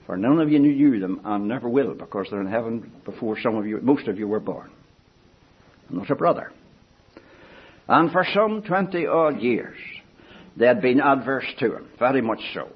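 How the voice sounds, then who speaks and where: An older man preaching a sermon in an earnest, pleading way, swinging from soft asides to raised appeals. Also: slightly rough. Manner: earnest, pleading, rises and falls in pitch and loudness. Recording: dull lo-fi recording.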